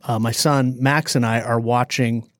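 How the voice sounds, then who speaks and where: A man co-hosting a podcast, telling a story in a lively, dramatic way. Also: mid-range voice, no echo, clean studio sound. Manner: animated storyteller, dramatic pauses. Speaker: podcast co-host. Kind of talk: casual storytelling chat.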